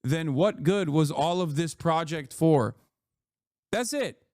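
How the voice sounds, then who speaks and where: A man on a live stream delivers a furious, foul-mouthed lecture to his chat. His voice sits fairly high and climbs higher as he gets worked up. The sound is dry and close, with no room around it. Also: lively intonation, slow, darkish tone, no room sound. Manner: angry, profane and lecturing, voice rising high when heated. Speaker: streamer reacting to news. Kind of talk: heated live-stream rant.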